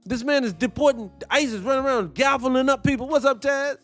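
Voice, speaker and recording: A man with a high speaking voice rants in a blunt, profane sermon about everyday life. His gives the talk a street-level edge. Faint music plays underneath. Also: brisk, a bit bright. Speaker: morning show host. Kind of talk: impassioned monologue.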